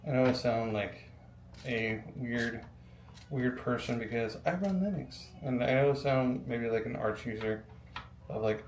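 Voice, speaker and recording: The speaker is a young adult man who vlogs PC builds, chatting in a loose, rambling way with frequent ums and a swear word here and there. His voice is mid-range and unhurried. A little hiss or hum sits over the echoey room's faint ambience.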